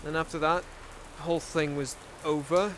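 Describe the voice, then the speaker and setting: A man playing a halting young sergeant. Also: a little high, steady tone, a bit bright, slight background noise, close to an everyday voice. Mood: reminiscing. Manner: halting, rambling, searches for words. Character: young male soldier, a sergeant, earnest. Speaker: roleplay player. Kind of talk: casual voice roleplay.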